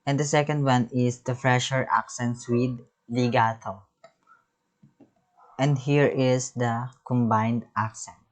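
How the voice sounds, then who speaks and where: Slow, halting male music teacher. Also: medium pitch, fairly even intonation, rough recording. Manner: halting, reads terms and definitions with restarts. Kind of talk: reading lecture slides.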